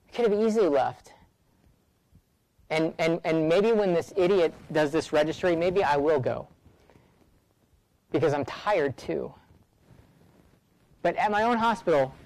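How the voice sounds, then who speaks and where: A man's voice: fairly high pitch, a little mellow, no room sound, poor audio. A middle-aged man, a rural doctor, speaking earnestly to a student audience, often repeating words for emphasis.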